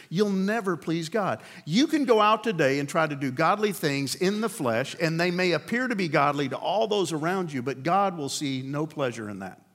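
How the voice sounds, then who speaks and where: Brief: male preacher, earnest sermon delivery, slightly higher voice, rhetorical pauses. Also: a bit bright. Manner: earnest, rhetorical questions, slows for emphasis. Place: room with a men's group.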